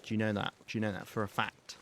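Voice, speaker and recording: A British man live-streaming a survival game, talking calmly and softly to his chat while he plays. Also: fairly low pitch, fast, a little hiss or hum. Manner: calm, soft-spoken, chatty with viewers.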